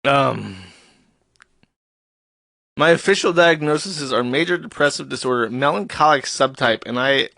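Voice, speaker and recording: A man's voice: medium pitch, lively intonation, measured pace, creaky, pauses often, sharp tone, no echo. A man hosting a live stream, reading posts aloud and mocking them in a sarcastic, profane, mock-serious tone. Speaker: streamer host.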